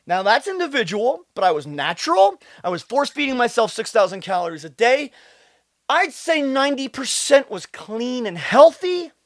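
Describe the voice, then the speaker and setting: A man rants straight to camera, cursing freely as he swings between loud outbursts and low, quiet muttering. His pitch leaps around with lively, animated swings. The sound is dry, with no room echo. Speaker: fitness coach and video creator. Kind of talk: profane ranting monologue to camera.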